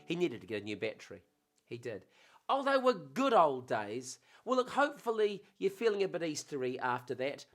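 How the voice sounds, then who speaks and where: A man hosting a casual, playful monologue, rambling warmly between jokes and memories. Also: on the high side, sing-song, normal speed. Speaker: host.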